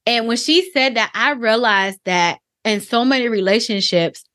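A woman in her thirties telling a personal story on a podcast, reflective and halting, with many fillers. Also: a little high, sharp tone, no room sound, studio quality.

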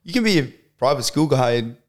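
A man's voice: mid-range voice, big pitch swings, brisk. A young man with an Australian accent, chatting casually as a podcast guest, full of fillers and slang. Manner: laid-back, lots of fillers and slang. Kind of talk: casual chat.

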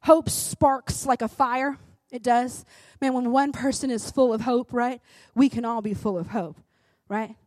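Woman in her thirties, bright high voice, folksy devotional speaker who builds to fervent urging. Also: steady tone, a little slow, hardly any pauses, dry recording. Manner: chatty, keeps asking "right?"; emphatic, rises to fervent urging. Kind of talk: conversational sermon.

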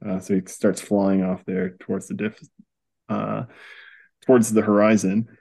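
A man with a fairly low voice co-hosts a casual podcast, recapping a comic book. He rambles with lots of fillers and breaks into laughter. His talk is loose and chatty. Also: flat delivery, unhurried, gravelly, mellow. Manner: rambling, laughs often, acts out quotes. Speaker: podcast co-host.

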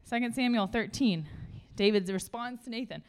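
A woman giving a casual, conversational sermon to a room of listeners. She is chatty and animated, laughs often, and says "like" a lot. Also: fairly high pitch, moderate pace, clean tone. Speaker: speaker at a church gathering.

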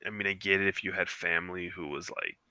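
Very deep-voiced, bright casual talker. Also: male voice, fast talker, no echo. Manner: rambling storyteller with many fillers, acts out quotes. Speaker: podcast co-host. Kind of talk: casual chat. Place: living room couch.

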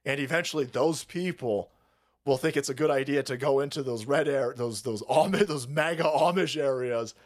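A man's voice: medium pitch, normal speed. A man from California ranting on a livestream, swearing often, laughing and mocking as he talks. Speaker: livestream commentator. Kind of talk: profane political rant on a livestream.

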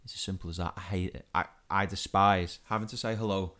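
A man's voice: low voice, fairly even intonation, fairly quick, fairly bright tone. A young man co-hosting a podcast, ranting in exasperation and stumbling over repeated words. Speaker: podcast co-host. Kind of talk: casual comedic rant.

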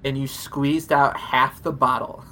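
A man co-hosting a podcast, chatty and quick to laugh in casual conversation. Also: mid-range voice, level tone, sharp tone, a little hiss or hum. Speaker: podcast co-host. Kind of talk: casual chat.

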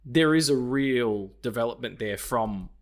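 A man's voice: medium pitch, a little slow. A man co-hosting a podcast, chatting casually about a film, acting out lines and swearing freely. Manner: animated retelling, acts out lines, swears freely. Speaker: podcast co-host.

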